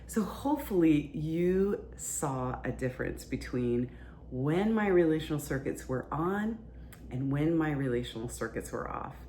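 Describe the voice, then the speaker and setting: Woman podcast host, casual teaching, low voice, plain chatty explanations. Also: lively intonation, measured pace, dark tone, a little hiss or hum. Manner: conversational, explains plainly with fillers.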